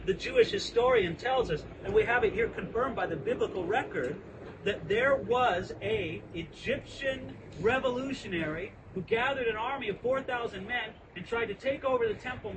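A man teaching the Bible outdoors as a pastor, lively and acting out quoted lines. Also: high-pitched, recorded from a distance, background noise. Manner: animated, acts out quoted lines. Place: outdoors within view of a landmark hill.

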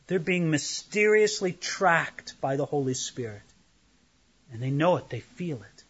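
A male preacher with a high, bright voice delivers an emphatic Bible sermon, throwing drama into the verses he explains. The recording sounds dull and lo-fi. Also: expressive, a little slow, husky. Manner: emphatic, dramatizes scripture passages.

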